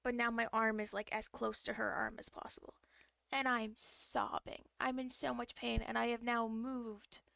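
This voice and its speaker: A young woman streaming live tells a personal story in a loose, rambling way, circling back with fillers and restarts. Her voice sits a little high and carries a heavy gravelly fry. The sound is close and dry, with no room around it. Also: flat delivery, normal speed, sharp tone, dry recording. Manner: emotional, vivid retelling. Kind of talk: casual storytelling.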